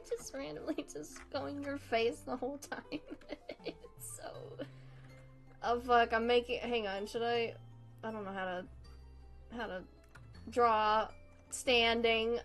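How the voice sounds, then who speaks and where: A woman's voice: fairly high pitch, fairly even intonation, takes it slowly, long pauses, a bit bright, faint music behind. A young woman chatting casually as she draws on stream, rambling, laughing often and swearing freely. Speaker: art streamer. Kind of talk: casual chat while drawing.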